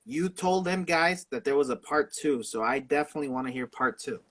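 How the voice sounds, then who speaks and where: A man's voice: a little high, expressive, a little fast, fairly bright tone. A man hosting a casual interview, reacting with enthusiastic exclamations. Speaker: show host.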